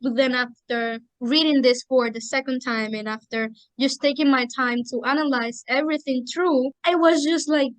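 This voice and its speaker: A woman's voice: sits high, fairly even intonation, normal speed, few pauses, no echo, low-quality recording. A young woman chatting on a podcast as an emotional fan who keeps acting out quotes. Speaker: podcast co-host or guest. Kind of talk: casual chat.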